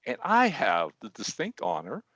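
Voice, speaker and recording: Animated man co-hosting a podcast. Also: mid-range voice, moderate pace, no echo. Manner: animated storyteller, restarts words. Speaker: podcast co-host. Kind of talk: casual podcast chat.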